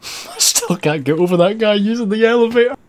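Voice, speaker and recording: A man's voice: sits high, fairly quick. A man giving sarcastic, sweary let's-play commentary over a video game. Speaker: gaming commentator.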